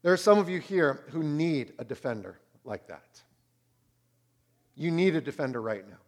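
A pastor in his thirties preaching a sermon, swinging between loud and hushed. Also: a little high, animated, normal speed.

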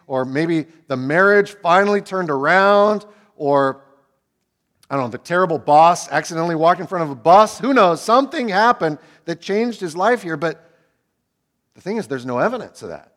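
Pastor guy preaching, kinda high voice, gets loud then goes real quiet. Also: expressive, normal speed. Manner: dynamic preaching, swinging from loud emphatic peaks to hushed low asides. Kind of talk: sermon.

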